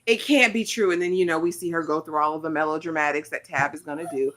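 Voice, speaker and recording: A woman hosts a casual TV recap panel, retelling scenes storytelling-style before handing questions to her co-hosts. Her voice sits low and a bit bright, delivered flatly at a quick pace.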